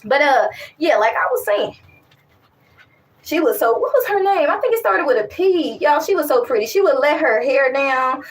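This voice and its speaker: A young woman with a high, bright-pitched voice chats candidly to her viewers, rambling through restarts and lively asides. Her voice sits a little back from the mic. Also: normal speed, far from the mic, low-quality recording. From West Africa. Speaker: vlogger. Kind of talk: casual chat to camera.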